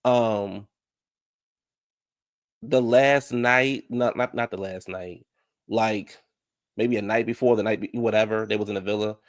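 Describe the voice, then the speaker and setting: A man giving a sassy, animated casual review of a reality show, talking straight to his viewers. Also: fairly low pitch, measured pace, pauses often.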